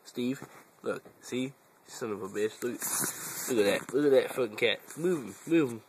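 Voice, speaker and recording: A man's voice: medium pitch, a little hiss or hum. A man filming on his phone, teasing and cursing as he coos at his lazy cat. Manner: teasing, cursing, drawn-out baby talk to a cat. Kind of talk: casual phone video talking to a pet cat. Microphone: phone camera.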